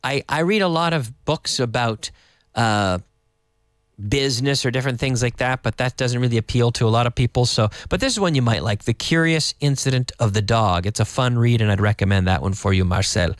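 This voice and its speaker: A man's voice: mid-range voice, a little fast, no room sound, studio quality. A man teaching an English lesson on the radio, explaining phrases at an easy pace, dropping in Spanish glosses and answering listener questions.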